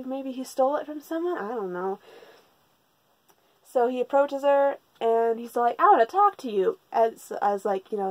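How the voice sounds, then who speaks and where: A woman's voice: a little high, warm tone, no echo, rough recording. A woman recapping a manga in a casual, rambling way, sarcastic and full of swearing. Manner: sarcastic and profane, rambling with restarts. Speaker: manga reviewer.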